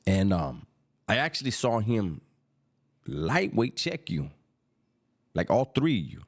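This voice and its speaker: A middle-aged man, telling a story about prison in casual street slang, unhurried and reflective. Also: lowish voice, very animated.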